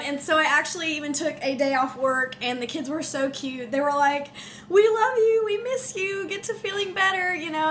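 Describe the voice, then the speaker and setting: A young woman with a high, bright voice that sounds congested and a little off from a recent illness. She talks to camera in a personal vlog, halting and emotional, with many ums and likes. A faint hum from a space heater runs under her voice at home. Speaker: teacher and vlogger. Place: home room.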